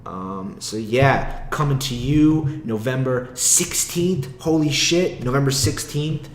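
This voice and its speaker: A man's voice: medium pitch, slow, echoey room, a little hiss or hum. A young man hosting a casual solo podcast, rambling, swearing freely and laughing often. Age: young adult. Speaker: podcast host. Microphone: own podcast mic.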